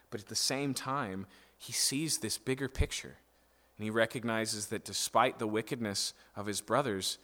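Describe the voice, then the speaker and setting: A man preaches through a passage in a conversational way and keeps checking in with "okay?" and "right?". His voice sits fairly low yet sounds bright and forceful. Long reverb from a large hall trails each phrase. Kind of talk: expository sermon.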